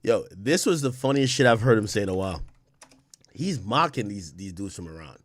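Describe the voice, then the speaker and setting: A man's voice: lowish voice, animated, brisk, no room sound. A man streamer reacting to news clips, profane and incredulous, laughing as he goes. His voice swings up and down a lot. The sound is dry and close, with no room around it. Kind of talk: casual reaction commentary.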